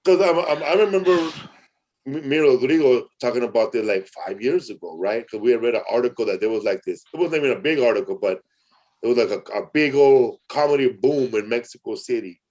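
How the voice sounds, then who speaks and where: A man's voice: mid-range voice, lively intonation, brisk, darkish tone. A middle-aged man hosting a podcast, telling rambling stories in a loose, slangy way full of "bro" and "man". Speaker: podcast host. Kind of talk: casual storytelling chat.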